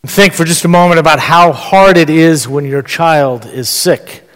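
Earnest preacher in a reverberant church. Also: male voice, a little high, moderate pace, fairly bright tone. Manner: earnest, conversational preaching with restarts and questions. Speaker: pastor. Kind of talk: sermon. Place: church sanctuary.

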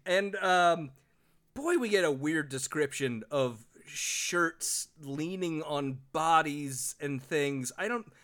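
Animated, rambling man podcast co-host. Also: a little high, slow pace. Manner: rambling, animated, loses track of names. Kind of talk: casual comedic book discussion.

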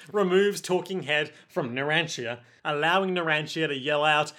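A man's voice: fairly high pitch, normal speed, hardly any pauses, sharp tone. A man co-hosting a podcast, narrating a story recap in casual, joking chat and laughing often. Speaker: podcast co-host.

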